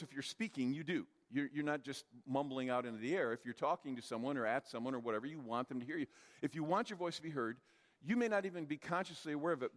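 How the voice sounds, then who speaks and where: A man with a high voice delivers a sermon in an easy, conversational way. He keeps turning to the audience with questions and briefly acts out the voices he quotes. The sound carries the long reverb of a hall. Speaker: pastor.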